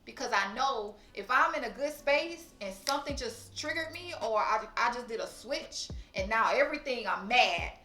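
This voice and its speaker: A woman's voice: fairly high pitch, animated, normal speed, hardly any pauses, sharp tone, roomy sound. A woman talking frankly and emotionally in a personal vlog, swearing casually. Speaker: vlogger. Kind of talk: candid personal vlog talk.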